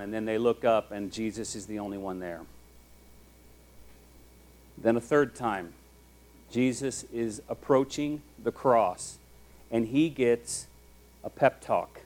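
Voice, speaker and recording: A man preaching a sermon as a pastor, telling the story in a conversational, animated way. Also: fairly low pitch, takes it slowly, pauses often.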